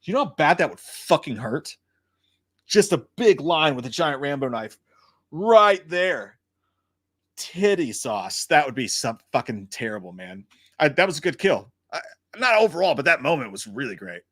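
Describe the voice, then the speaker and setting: A man's voice: fairly high pitch, normal speed, no room sound, clean studio sound. A man hosting a casual livestream, talking in a loose, profane way and answering chat comments. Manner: profane, animated storytelling. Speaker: host.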